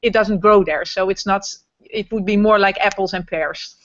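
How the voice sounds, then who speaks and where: A woman from the Netherlands with a Dutch accent speaks as a guest over a video call. She talks in a measured, thoughtful way, and the sound is dry and dull with a lo-fi quality. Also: mid-range voice, fairly even intonation, no echo. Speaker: guest, health coach. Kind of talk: casual interview on a video call.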